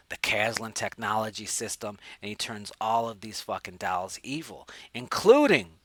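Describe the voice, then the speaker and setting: A man hosting a podcast, reviewing a movie in a rambling, profane, animated way into a studio mic. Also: lowish voice, no echo. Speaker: podcast host. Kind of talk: casual movie review chat.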